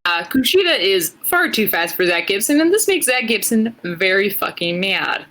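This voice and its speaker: A woman's voice: medium pitch, big pitch swings, normal speed, a bit bright, a little hiss or hum, rough recording. A woman co-hosting a podcast, giving a casual, swearing play-by-play recap of wrestling matches. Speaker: podcast co-host. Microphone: headphones.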